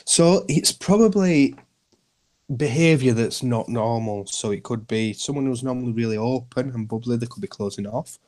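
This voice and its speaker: This man, a community group founder appearing as a podcast interview guest, talks about people looking after one another in an earnest, reassuring way and says things more than once. He has a mid-range, slightly mellow voice and speaks at a moderate pace.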